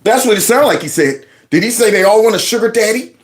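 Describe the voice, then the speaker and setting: A man hosts a casual reaction show and mocks the clips he plays. His pitch swings widely as he talks, and he sounds middle-aged. His delivery is loose and teasing, and he often talks back to the screen. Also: animated, quick pace. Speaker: commentary show host.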